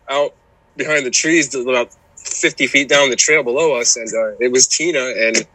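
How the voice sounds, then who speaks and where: A man's voice: medium pitch, steady tone, moderate pace, sharp tone, no echo, poor audio. A man guest on a hiking podcast, talking casually and rambling with lots of "you know" and restarts. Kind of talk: casual chat.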